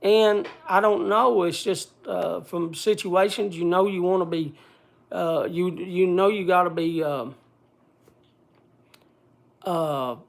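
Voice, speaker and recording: A man speaking bluntly to a group in casual talk, halting often and restarting his sentences. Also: sits high, steady tone, creaky. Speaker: speaker addressing a group gathering.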